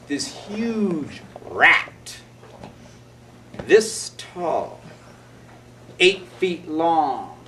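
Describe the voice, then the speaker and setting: A man's voice: on the high side, sharp tone. A male storyteller performing a children's tale dramatically, with gasps and sound effects. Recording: distant mic with faint noise.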